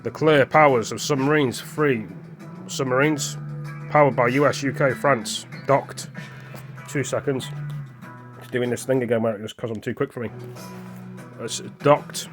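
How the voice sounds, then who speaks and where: Casual vlogger man, mid pitch, stumbling reads, mouth full, faint music under. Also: fairly even intonation, unhurried, pauses often. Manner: rambling, stumbles over words, apologetic; talking with his mouth full. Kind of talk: casual commentary reading news off a screen.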